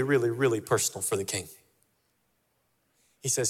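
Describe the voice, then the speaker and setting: A man's voice: medium pitch, expressive, brisk, pauses often, in a large hall. A male pastor preaching a sermon in a church, emphatic and repeating his key phrases for weight. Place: church sanctuary.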